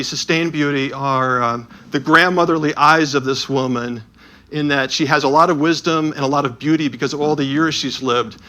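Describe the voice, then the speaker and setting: A man with a sharp, somewhat high voice walks through slides of an illuminated Bible, telling the stories each image depicts.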